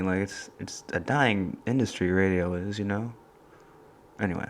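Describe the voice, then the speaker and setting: A young man hosting a casual solo podcast from a college dorm room, talking in a soft, hushed voice and rambling through stories. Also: lowish voice, normal speed, slight background noise. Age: young adult. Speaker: podcast host.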